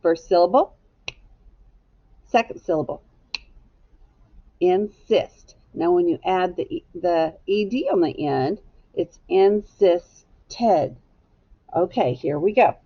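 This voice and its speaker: Casting: woman teacher, husky and a bit low, patient, lo-fi recording. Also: lively intonation. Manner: slow, clear, patient teacher talk. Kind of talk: phonics lesson for children.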